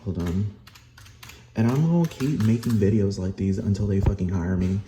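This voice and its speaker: A man's voice: on the low side, moderate pace, warm tone. Angry man ranting in an echoey room. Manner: heated, repetitive, profane, keeps asking "do you understand?". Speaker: vlogger. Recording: echoey room with noise behind.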